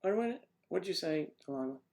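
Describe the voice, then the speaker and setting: A man's voice: sits high, expressive, fairly quick, vocal fry, darkish tone. A man hosting a casual livestream from home, nursing a cough as he rambles and jokes with his viewers. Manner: rambling, chatty, joking with the chat. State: has a cough. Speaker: livestream host. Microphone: microphone on a stand he keeps adjusting.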